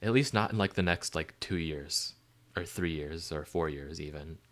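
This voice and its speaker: A man hosting a livestream, chatting casually and excitedly while answering chat questions, rambling with lots of fillers. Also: very deep voice, moderate pace.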